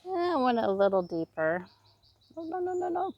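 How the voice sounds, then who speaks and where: A high, sing-song voice at normal speed comes through a dry, dull-sounding recording. It belongs to a home gardener in her fifties from Oregon with a West Coast accent, who plants her garden outdoors for a casual vlog, chatting to herself and her viewers and laughing often.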